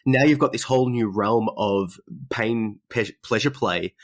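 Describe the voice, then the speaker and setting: A man's voice: mid-range voice, unhurried. A man hosting a podcast, chatting casually, laughing often and restarting his sentences. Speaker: podcast host. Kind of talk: casual conversational interview.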